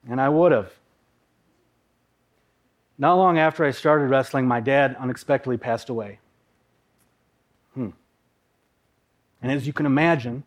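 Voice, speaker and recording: Man from Minnesota telling a story. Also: medium pitch. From Minnesota, USA. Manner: vivid, dramatic, with playful asides. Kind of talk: personal storytelling.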